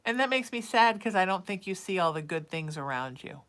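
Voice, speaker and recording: A woman's voice: lowish voice, expressive, a little fast, a bit bright. A woman hosting a live psychic reading show, chatting affectionately with viewers and calling them sweetie and baby. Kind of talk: casual live-stream chat.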